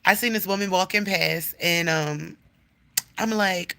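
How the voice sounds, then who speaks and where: A woman's voice: medium pitch, lively intonation, a little fast, creaky, sharp tone. A woman chatting casually on a livestream, rambling, swearing freely and scolding her cat. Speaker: livestream host.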